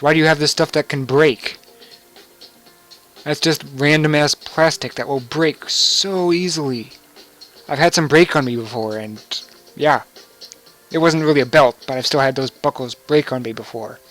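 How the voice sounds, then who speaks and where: A man's voice: on the high side, moderate pace, fairly bright tone, faint music behind. A young man giving casual, joking commentary over a video game and laughing often. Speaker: let's play commentator.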